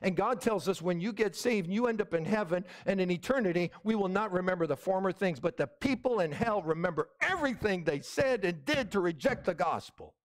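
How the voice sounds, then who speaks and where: High-voiced, animated male preacher. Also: a little fast, hardly any pauses. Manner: emphatic preaching, repeated calls of "Amen?". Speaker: pastor. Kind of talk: sermon.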